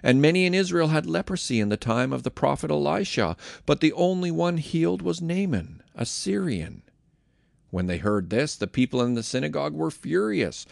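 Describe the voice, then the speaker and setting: A man reading scripture aloud in a measured, expressive way, then giving a casual devotional comment on a close mic. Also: mid-range voice, creaky, dry recording. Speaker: Bible reader and podcast host.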